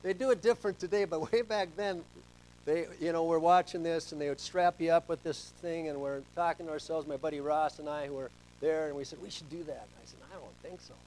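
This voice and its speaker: Middle aged pastor guy preaching, kinda high voice, storyteller, goes soft then loud. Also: fairly even intonation, a little fast, a little hiss or hum, low-quality recording. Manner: storytelling, swings between soft asides and loud emphasis. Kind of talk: sermon.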